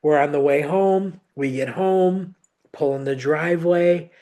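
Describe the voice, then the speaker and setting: A woman co-hosting a podcast, telling a personal story in an animated, emotional way and acting out the dialogue. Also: sits low, measured pace. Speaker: podcast co-host. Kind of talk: casual chat, personal storytelling.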